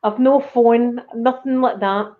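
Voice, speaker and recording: A middle-aged Scottish woman, the channel's host, tells a story in a relaxed, chatty manner, her voice a little high and a little slow. She animatedly acts out other people's quoted lines as she goes. The audio is slightly dull and lo-fi.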